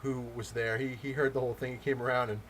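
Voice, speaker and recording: A man vlogging about comics, telling a story in a loose, rambling way with many pauses and restarts. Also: mid-range voice, little pitch movement, a bit bright, a little hiss or hum. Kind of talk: casual storytelling rant.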